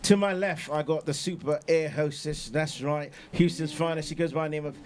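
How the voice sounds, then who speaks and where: A man hosting a talk show, playful and loud, with a catchphrase he repeats again and again. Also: fairly high pitch, moderate pace, a little hiss or hum. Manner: shouty, playful, repeats "that's right". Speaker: host. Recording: lively crowd chatter behind.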